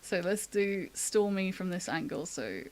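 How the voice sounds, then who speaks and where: A woman talks through a drawing demo in a relaxed, chatty stream. She thinks aloud as she sketches and laughs easily. She is from the UK. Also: on the low side, measured pace. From United Kingdom. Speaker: artist giving a drawing demo. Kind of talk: casual live-stream drawing tutorial.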